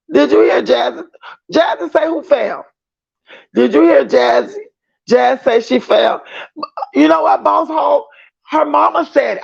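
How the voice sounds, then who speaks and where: Dull lo-fi stream audio carries a livestream host's very high, creaky, husky voice. He talks emphatically with his viewers and reads their comments out loud.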